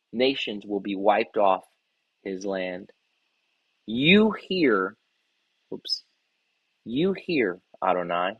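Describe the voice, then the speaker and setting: Husky-voiced rabbi teaching scripture. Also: male voice, mid-range voice, no room sound. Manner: explains scripture line by line, reading and paraphrasing verses. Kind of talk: devotional Bible teaching.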